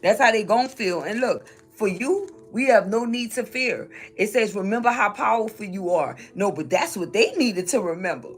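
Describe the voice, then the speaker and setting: A woman's voice: mid-range voice, lively intonation, normal speed, breathy edge. A woman reading tarot cards for her viewers, pressing her points by saying them twice. She checks in with "okay?" again and again while she hunts through her decks. Faint music plays under her voice. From New Orleans, Louisiana. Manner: emphatic, repeats lines, frequent "okay?" check-ins. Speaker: tarot reader.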